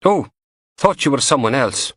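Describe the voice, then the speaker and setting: Male narrator doing a young female lab tech, raised pitch, deadpan and teasing, close dry audiobook sound. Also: moderate pace, breathy edge, dry recording.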